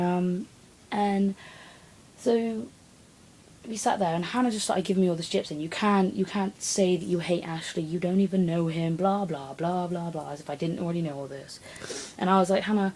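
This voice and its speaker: Chatty teen girl, low mellow voice. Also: a little fast, slight background noise, rough recording. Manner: rambling, animated retelling with acted quotes. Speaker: vlogger. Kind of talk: casual storytelling vlog.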